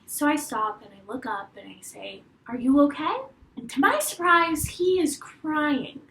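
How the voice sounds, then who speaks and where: A young woman tells a crude storytime vlog into a webcam, with a high, bright voice that swoops widely. She swears freely and acts out the quotes. The room sounds echoey. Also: a little slow. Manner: animated, profane storytelling with acted-out quotes. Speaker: vlogger.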